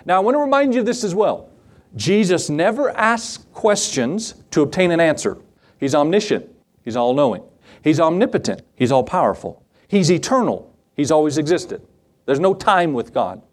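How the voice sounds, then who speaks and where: A middle-aged man preaching a sermon as pastor, animated and acting out Bible scenes in different voices. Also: a little high, normal speed.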